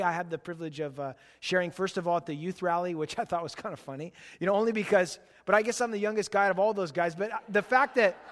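A man in his late thirties, a pastor, preaching a sermon and telling stories in a relaxed, chatty way. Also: on the high side. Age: late 30s. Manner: relaxed, chatty storytelling with laughs. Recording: long hall reverb.

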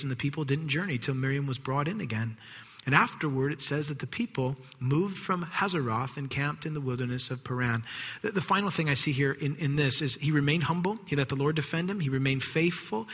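Man in a church hall preaching, bright and husky, animated, acts out the voices, long reverb. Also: fairly high pitch. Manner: animated, acts out quoted voices, drops to hushed whispers. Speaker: pastor. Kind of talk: sermon.

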